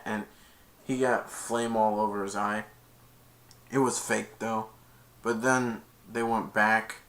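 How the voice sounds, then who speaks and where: A man's voice: lowish voice, flat delivery, slow pace, pauses often, a bit bright. Young man rambling through a plot. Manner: rambling, loose, restarts often with "and then". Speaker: movie reviewer. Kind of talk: casual plot retelling.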